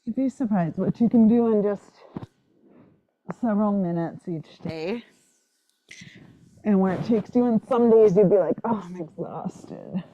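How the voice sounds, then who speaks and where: A woman guides a playful yoga session while doing the moves herself, a little out of breath. She talks slowly and easily, with encouraging asides, and a faint hiss sits under her voice. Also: medium pitch, highs cut off. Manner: encouraging, relaxed, repeats "right?" and "maybe you're here". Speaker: yoga instructor. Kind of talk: guided yoga class instruction.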